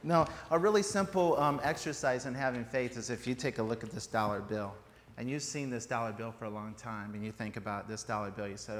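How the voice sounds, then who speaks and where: A man's voice: mid-range voice, a little fast. A man preaching an informal sermon in a church, chatty and joking, with fillers and restarts. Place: church sanctuary. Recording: reverberant church hall, faint background noise.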